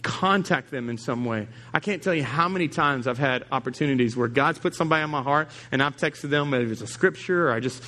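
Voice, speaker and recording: A man's voice: mid-range voice, fast, few pauses, bright, forceful tone. A man preaching a sermon as pastor, emphatic, repeating key lines and acting out the people he quotes. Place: church service.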